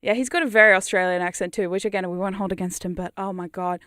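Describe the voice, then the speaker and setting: A woman's voice: mid-range voice, steady tone, fast talker, a bit bright, dry recording. Playful New woman, dry close mic. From New Zealand. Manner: rambling, playful, laughs often and swears freely. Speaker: hypnosis content creator and livestream host. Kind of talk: casual livestream chat. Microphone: studio condenser mic.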